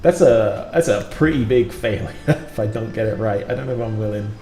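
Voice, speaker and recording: A man's voice: fairly low pitch, fairly quick, mellow. A British man casually hosting a gameplay livestream, chatty and joking with self-deprecating asides. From United Kingdom. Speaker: community manager and stream host. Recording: roomy sound with faint music.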